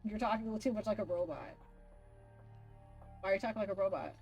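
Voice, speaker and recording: A young woman streaming a game live, chatty and animated with sudden squeals. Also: medium pitch, a little fast, long pauses, husky, faint music behind. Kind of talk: live gameplay commentary.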